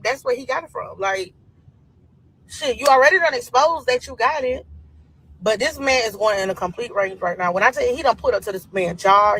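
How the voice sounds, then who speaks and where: Husky woman retelling gossip. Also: fairly high pitch, a bit bright, no echo, rough recording. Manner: gossipy, retells with quoted voices. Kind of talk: casual storytelling rant.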